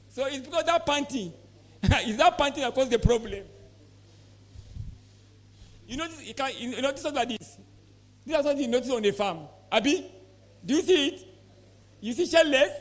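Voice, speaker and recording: High-voiced Nigerian man lecturing farmers. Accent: Nigerian English. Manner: emphatic, quizzes audience with repeated questions. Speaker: poultry expert presenter. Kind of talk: conference talk to farmers. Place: conference hall.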